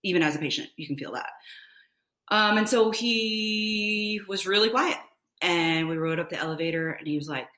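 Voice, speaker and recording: A woman in her thirties with a lowish but bright, forceful voice tells a story from her work as a nurse. She talks candidly and casually, with plenty of filler and the odd swear word. The sound bounces around an echoey room. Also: moderate pace. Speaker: nurse guest.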